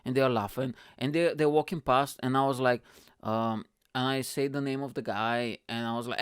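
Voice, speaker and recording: A man's voice: medium pitch, brisk, clear, resonant tone, dry recording, clean studio sound. A man hosting a podcast, telling a story in a rambling, profane way with frequent laughs. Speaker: podcast host. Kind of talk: casual storytelling.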